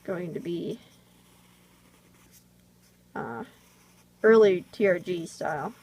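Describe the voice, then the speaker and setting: A woman vlogs while drawing on camera, chatting casually through a drawing tutorial and rambling with lots of fillers, recorded on a phone camera. Her voice is lowish, slow, darkish and slightly rough. The recording itself is rough.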